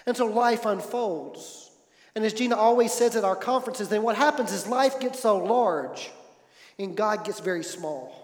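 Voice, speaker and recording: High-voiced male pastor in echoey hall. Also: moderate pace. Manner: storytelling, swings from loud and emphatic to hushed. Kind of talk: sermon.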